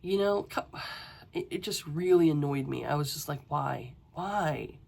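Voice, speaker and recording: A woman's voice: low-pitched, moderate pace, creaky, darkish tone. A woman giving a casual, exasperated book review, ranting with swearing and rhetorical questions.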